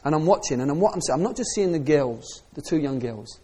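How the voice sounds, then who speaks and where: A man in middle age delivers a sermon with a fairly high voice. He shifts from hushed, thoughtful asides to loud, fervent exhortation. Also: animated, brisk, slightly rough. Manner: swings from soft reflective asides to raised passionate preaching. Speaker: preacher.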